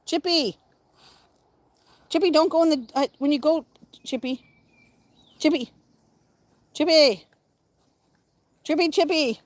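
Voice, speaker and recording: A woman's voice: high-pitched, no room sound. Chatty woman cheering on a squirrel outdoors. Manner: excitedly calls and cheers at a squirrel, then mutters. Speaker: vlogger. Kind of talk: casual outdoor vlog. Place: outdoors, yard near a hill road.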